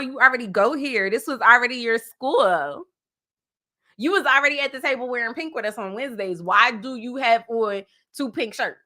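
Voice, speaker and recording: A woman from New Jersey hosts a pop culture podcast in a loose, chatty way. Her voice is bright and forward at a middling pitch. She talks playfully, with a lot of animation. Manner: animated, playful, breaks into sung parody bits. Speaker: podcast host. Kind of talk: casual pop culture chat.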